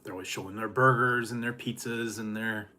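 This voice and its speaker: A man's voice: fairly low pitch, steady tone, fairly quick, pushed and bright. Chuckling, rambling food vlogger man. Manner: rambling, chuckling often, many fillers. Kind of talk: casual chat vlog.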